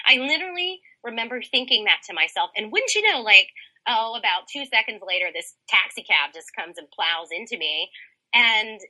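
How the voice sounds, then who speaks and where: A woman in her thirties tells a personal story as a podcast guest, chatty and animated. Her pitch swings widely, and her voice is strikingly bright. She fills her speech with "like" as she goes. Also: moderate pace, rough recording. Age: 30s. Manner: animated, chatty, heavy use of "like".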